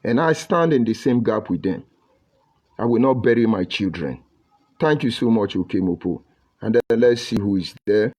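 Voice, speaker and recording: A man's voice: on the low side, lively intonation, normal speed, darkish tone. Combative Nigerian man on a livestream. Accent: Nigerian English with Pidgin. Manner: combative, mocking, preachy. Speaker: livestream commentator. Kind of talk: live broadcast reading viewer comments.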